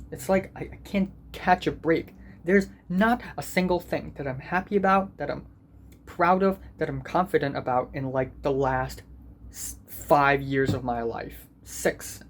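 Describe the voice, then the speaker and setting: A man's voice: on the high side, a little hiss or hum. A teenage boy vlogging as a student, venting in an angry, profane and self-deprecating way. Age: teens. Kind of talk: ranting vlog.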